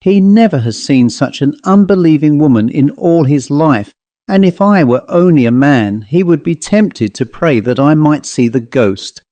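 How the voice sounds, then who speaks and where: A male audiobook narrator with a warm, mellow voice and a measured, wry delivery, reading a ghost story. The sound is close and dry, with no room echo. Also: fairly high pitch, animated.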